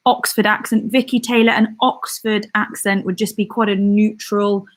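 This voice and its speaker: A woman's voice: mid-range voice, steady tone, moderate pace. Chatty young woman hosting a live stream. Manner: chatty, reads viewer comments aloud and answers them; often laughs and corrects herself mid-sentence. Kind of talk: casual live-stream chat.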